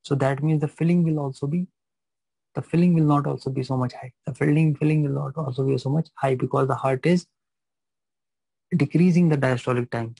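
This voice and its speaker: A man's voice: fairly high pitch, steady tone, brisk, vocal fry, mellow, husky, dry recording, low-quality recording. A man teaching a live physiology class, repeating phrases and checking that students understand.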